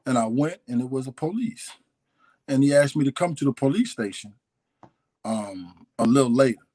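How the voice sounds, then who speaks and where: Animated and mellow at medium pitch and normal speed, a man tells his own life story as a guest in a dry recording. It's a candid personal testimony, confessional and hesitant, full of repeated lines and restarts.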